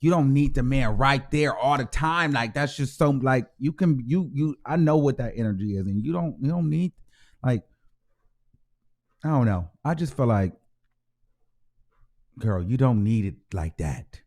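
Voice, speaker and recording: A man's voice: mid-range voice, unhurried, long pauses. A man hosting his own show, giving a casual, profane commentary and acting out the people he talks about. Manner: animated, profane, acts out quoted voices. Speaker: host.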